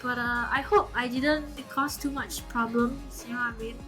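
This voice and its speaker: A young woman, casually telling a story to her chat, animated and giggly, full of okay and like. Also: a little high, normal speed, music in the background. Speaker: streamer.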